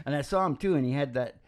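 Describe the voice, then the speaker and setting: A man hosting a live country music show, singing covers and chatting with a rambling, laughing manner. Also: mid-range voice. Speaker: host of a music and talk show. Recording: live acoustic guitar music. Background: acoustic guitar.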